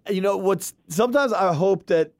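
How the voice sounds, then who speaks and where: A man hosting a sports podcast in easy, friendly chat, laughing often and tossing out "dude." His voice sits a bit high, and the sound is close and dry. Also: moderate pace, a little mellow, dry recording. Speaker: podcast host. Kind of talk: casual podcast interview.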